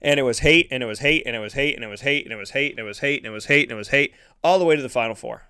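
A man's voice: medium pitch, racing, sharp tone, clear, resonant tone. A man broadcasting a live sports talk show, ranting with heated sarcasm and lots of repetition.

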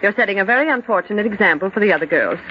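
A woman's voice: medium pitch, lively intonation, racing, lightly acted. A stern middle-aged office supervisor, played by a woman in a 1940s radio drama. She gives orders in a curt, clipped way. The old broadcast sounds muffled, with a faint hiss. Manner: curt, authoritative.

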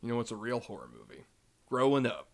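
A man in the middle of a relaxed film podcast, his voice at an ordinary middle pitch. He chats easily and drops in wry joking asides. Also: quick pace. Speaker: podcast co-host. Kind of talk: casual film discussion.

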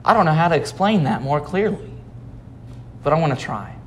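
A man's voice: a little high, lively intonation, brisk, a bit bright, slight background noise. A man preaching a Sunday sermon, explaining scripture patiently and repeating key phrases for emphasis. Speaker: pastor.

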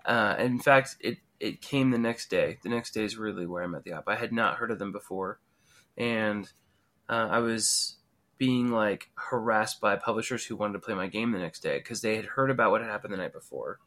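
A man's voice: on the low side, normal speed, a bit bright. A man, a game designer, telling his story as an interview guest, rambling and filling his speech with "like". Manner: rambling, heavy use of "like".

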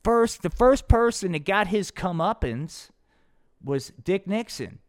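A man's voice: high-pitched, animated, slow pace. A man hosting a podcast, narrating a live comedic puppet show in a rambling, profane, laid-back way. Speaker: podcast host.

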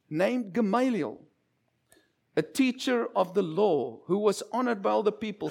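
Male minister, lively sermon delivery, higher voice with gravel in it. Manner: animated, conversational preaching with acted-out quotes.

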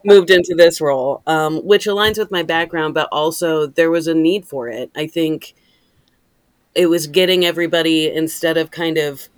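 A woman's voice: low voice, steady tone, moderate pace, clear, resonant tone, no room sound. A woman talking in a casual interview about running a theater, rambling and laughing often. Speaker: deputy director.

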